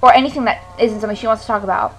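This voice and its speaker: Teen girl vlogger, fed-up rant, cursing freely, a touch high-pitched, faint music behind. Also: steady tone, very fast, a bit bright, low-quality recording. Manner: frustrated, swearing rant. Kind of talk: ranting to camera.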